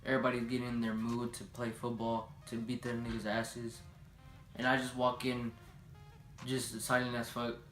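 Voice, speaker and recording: A young man telling a story in a casual vlog, profane and animated, acting out every voice. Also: medium pitch, normal speed, reverberant, soft background music.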